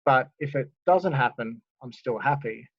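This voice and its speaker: A man's voice: medium pitch, normal speed, breathy edge, dull audio. A man hosting a casual interview, friendly and affirming, calling his guest "mate". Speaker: host.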